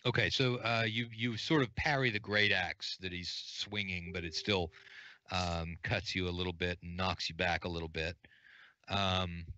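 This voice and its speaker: A man with a lowish, bright voice runs a tabletop game, narrating in a halting, filler-heavy way. The recording is dull and lo-fi, and the room has no echo. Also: flat delivery. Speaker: game master.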